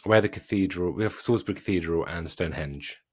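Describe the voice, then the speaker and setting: Deep-voiced southern English man. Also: fast, dry recording, studio quality. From Wiltshire, England. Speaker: podcast host. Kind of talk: casual podcast chat.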